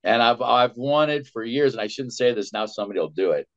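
A man's voice: mid-range voice, fairly quick. An older man, a voice actor, telling an anecdote in an interview and acting out the lines he quotes. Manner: lively storyteller, acts out quotes and cackles. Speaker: voice actor guest. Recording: dull lo-fi sound.

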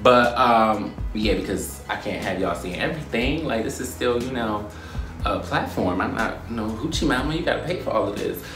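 A young man in a casual vlog, talking in a playful, slangy way and often breaking into high squeals. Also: expressive, moderate pace, music in the background. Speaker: YouTuber.

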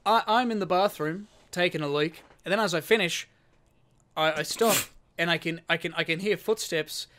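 A man's voice: high voice, normal speed, sharp tone, a little hiss or hum. A young man co-hosting a podcast, telling a story in casual chat, swearing freely and acting out the quotes. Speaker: podcast co-host.

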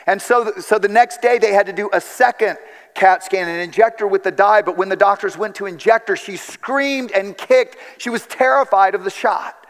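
Male pastor, high register, earnest sermon storyteller; recorded in a hall with long reverb. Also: normal speed, fairly bright tone. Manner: earnest storytelling with quoted dialogue.

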